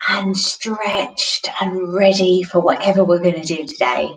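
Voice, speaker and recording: A woman's voice: fairly low pitch, fairly even intonation, normal speed, roomy sound, far from the mic, rough recording. Breathless woman coaching kids. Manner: cheerful, encouraging, talks to young children, out of breath while exercising. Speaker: kids' gymnastics coach. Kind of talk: home workout class for children.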